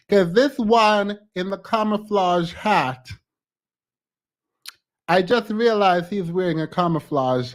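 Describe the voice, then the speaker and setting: A hoarse podcast host giving sassy, laughing commentary on a clip. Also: medium pitch. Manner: sassy, exclamatory, laughs often. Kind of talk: casual reaction commentary.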